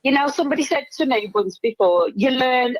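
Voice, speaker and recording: A friendly woman calls in to a casual football phone-in. Her voice is fairly high and comes through dry and close. She tells stories and keeps ending on tag questions. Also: expressive, fairly quick, dry recording, poor audio. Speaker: caller.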